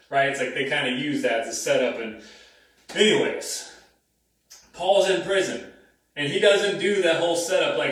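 A man in his thirties preaches in a relaxed, conversational way, repeating his key phrases to drive them home. His voice sits a little high for a man. It rings around a very echoey church hall, picked up from some distance away. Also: normal speed. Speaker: pastor. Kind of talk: sermon. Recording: very echoey room, mic at a distance.

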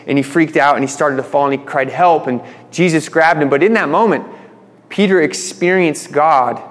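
Male pastor in a reverberant hall. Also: fairly high pitch. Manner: conversational, retells stories with voiced quotes. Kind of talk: sermon.

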